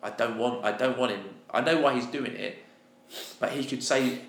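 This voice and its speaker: A man's voice: mid-range voice, moderate pace. Roomy-sounding man reviewing a football match. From England. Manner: animated, exasperated opinions. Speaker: podcast co-host. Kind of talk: casual match review chat. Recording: roomy echo.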